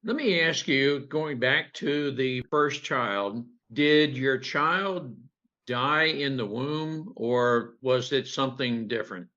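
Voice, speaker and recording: A man interviewing a guest, asking slow, careful questions. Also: mid-range voice, sharp tone, highs cut off.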